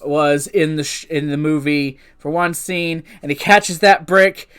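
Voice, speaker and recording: An excitable man talks through a movie review off the cuff, ranging freely in pitch from low to high. He rambles, restarts sentences and swears freely, in the manner of a gushing fan. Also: unhurried, clear, resonant tone. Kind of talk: casual unscripted review.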